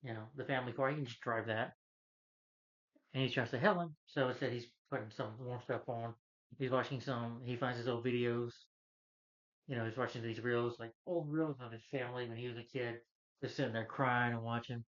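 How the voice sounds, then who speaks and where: Man, movie reviewer, rambling casual plot retelling, mid pitch, slightly dull lo-fi sound. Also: steady tone, brisk, a bit bright. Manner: rambling, acts out quotes from the film.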